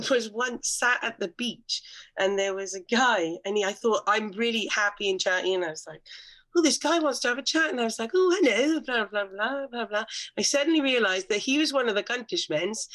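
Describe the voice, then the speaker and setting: A woman's voice: medium pitch, a bit bright, low-quality recording. A woman guest on a podcast, speaking candidly and telling personal stories in casual conversation, with frequent restarts and blunt swearing.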